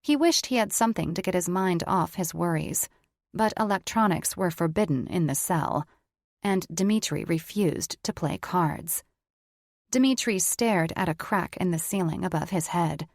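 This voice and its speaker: A woman reads fantasy fiction aloud in a measured, even way. Her voice is on the low side. The sound is dry and close. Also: dry recording. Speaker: audiobook narrator. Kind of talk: scripted fiction narration.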